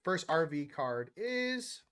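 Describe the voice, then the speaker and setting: A man's voice: fairly high pitch, very animated, slow pace, a bit bright, clear, resonant tone. A man hosting a casual spiritual chat show, rambling between topics in a slangy, offhand way. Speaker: host.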